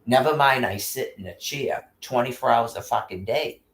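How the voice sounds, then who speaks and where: A man's voice: mid-range voice, moderate pace, a bit bright. A man ranting angrily and rambling, full of profanity and restarts. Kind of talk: casual rant. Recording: roomy echo.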